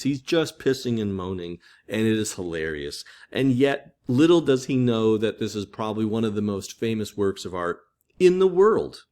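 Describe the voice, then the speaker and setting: A man's voice: fairly low pitch, lively intonation, moderate pace, darkish tone. A man teaching an art history lecture in a casual, chatty way, with lots of fillers and restarts.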